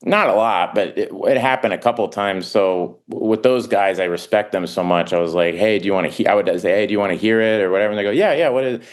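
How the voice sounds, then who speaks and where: A middle-aged man talks casually as a podcast guest in a very low voice. He rambles, trips over his words and restarts, and drops into quick little impressions as he goes. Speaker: guest, actor and comedian.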